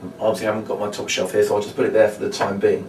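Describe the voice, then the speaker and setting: A man's voice: lowish voice, monotone, rapid-fire. A man, a magician, teaching a trick step by step in a chatty instructional demonstration. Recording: roomy, distant mic, faint background noise.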